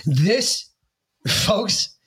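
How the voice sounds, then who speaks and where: A man co-hosting a podcast, commenting on clips in a loud, excitable way and swearing freely. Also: high-pitched, very slow, breathy edge, dry recording. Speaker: podcast co-host. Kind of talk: crude, profane casual commentary.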